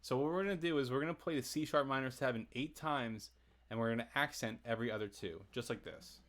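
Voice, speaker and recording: Speaking quickly in a mid-range voice, this guitarist walks livestream viewers through a song in a loose, conversational way. He answers the chat, laughs frequently between pointers, and has soft acoustic guitar playing in the background.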